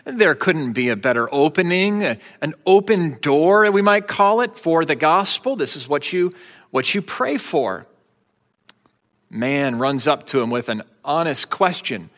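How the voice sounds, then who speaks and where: A man's voice: on the high side, big pitch swings, unhurried, fairly bright tone, big-room sound. A man preaching a sermon as pastor, in a conversational way with wry, joking asides.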